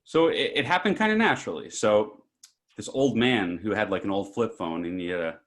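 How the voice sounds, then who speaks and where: A male podcast co-host tells a story in a low voice that swings widely in pitch. He talks casually and often breaks into shouts and laughs. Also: a little fast. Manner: animated, breaks into shouts and laughter while telling stories.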